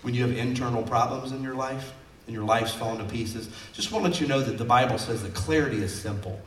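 Folksy pastor preaching in an echoey hall. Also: male voice, medium pitch, fast talker, a bit bright, distant mic. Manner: folksy and conversational, acting out quotes. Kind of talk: sermon.

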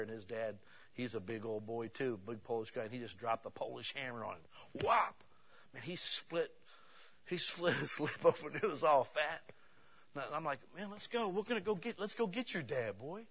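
This medium-pitched man delivers a sermon built on personal anecdotes. His animated style moves from booming bursts to hushed, whispered asides.

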